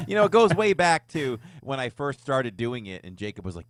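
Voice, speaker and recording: A man hosting a live podcast, chatting casually and signing off in an upbeat, animated way. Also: fairly high pitch, measured pace, few pauses, no room sound, studio quality. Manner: upbeat, animated sign-offs. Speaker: podcast host.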